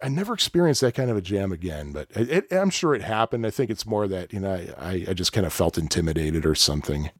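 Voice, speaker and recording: A man's voice: low-pitched, fast, hardly any pauses, breathy edge, no echo, studio quality. A man telling a long story in casual chat, rambling, laughing often and acting out what people said. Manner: rambling and animated, with frequent laughs and acted-out quotes.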